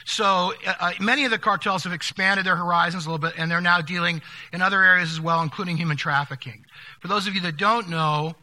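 An older male pastor telling stories from the pulpit in a high, very bright voice. He talks conversationally, stopping and restarting often, and goes hushed at the sad moments. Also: steady tone, quick pace. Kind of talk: sermon storytelling.

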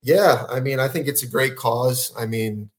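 A man's voice: medium pitch, normal speed. A man who is a professional soccer goalkeeper, answering in a laid-back, casual way on a podcast. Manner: laid-back, lots of "you know" fillers.

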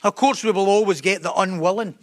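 A man's voice: high-pitched, a little fast. A man preaching a sermon in an emphatic style, repeating key phrases for weight.

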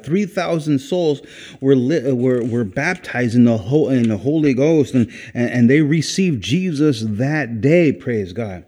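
A man preaching in an informal, earnest way, his voice mellow and warm. He rambles and restarts his sentences, repeating words as he goes. Now and then he drops in a quiet "praise God.". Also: mid-range voice. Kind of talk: informal sermon.

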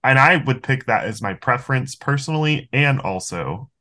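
A man's voice: medium pitch, expressive, normal speed, bright, forceful tone. A young man co-hosting a podcast, chatty and rambling, laughing easily. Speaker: podcast co-host. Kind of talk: casual podcast chat.

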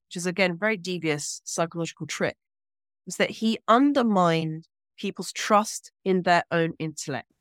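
A woman from Britain, a guest scholar speaking in a measured, earnest way with deliberate pauses in an interview. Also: lowish voice, no echo, clean studio sound. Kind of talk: reflective interview talk.

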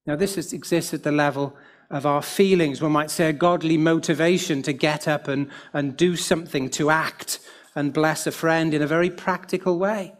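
A middle-aged man from the United Kingdom preaching a sermon in a gentle, pastoral way, with a light humorous aside. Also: on the high side, steady tone, moderate pace.

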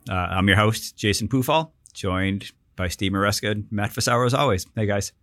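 Bright-voiced man hosting a podcast. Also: on the low side, a little fast, no room sound, clean studio sound, soft background music. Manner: asks questions, leads the talk, friendly. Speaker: podcast host.

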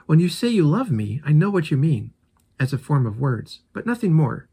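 A cold young woman speaks with calm detachment, every word measured and unhurried, voiced by a man reading her part aloud. Her tone stays composed, with no warmth anywhere in it. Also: a little high, husky, full character voice.

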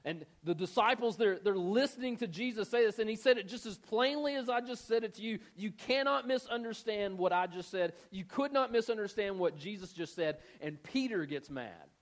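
A male pastor preaching a sermon in a conversational, animated storytelling manner, mixing in casual slang. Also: sits high, normal speed, hardly any pauses.

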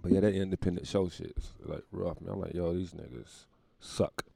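A man's voice: low voice, fairly even intonation, brisk, gravelly, mellow, no room sound. A young man hosting a podcast from home, telling stories in a loose, profane, laughing way. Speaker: podcast host. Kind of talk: casual comedic storytelling monologue.

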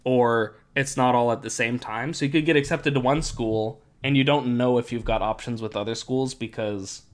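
A man hosting a casual podcast chat, explaining things in a relaxed way with many fillers while his voice is going hoarse. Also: mid-range voice, moderate pace. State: losing his voice. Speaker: podcast host.

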